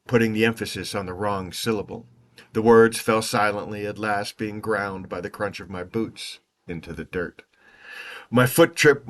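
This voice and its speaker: A man narrating his own travel story in the first person, reflective and meandering, with wry asides and unhurried self-corrections. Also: lowish voice, fairly bright tone.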